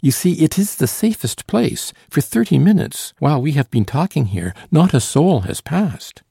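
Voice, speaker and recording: An earnest young woman shielding her father, pleading and urgent, as a man reads her in an audiobook. The voice stays low, gravelly and dark, with lively rises in pitch. It sounds dry and close. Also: moderate pace, no echo, exaggerated voice. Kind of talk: audiobook reading.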